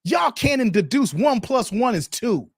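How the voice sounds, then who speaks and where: Animated high-voiced man ranting on a stream. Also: unhurried, breathy edge, dry recording, clean studio sound. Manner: animated, swings between shouting and muttering, reads chat aloud. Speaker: live-stream host. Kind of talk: ranting live-stream commentary.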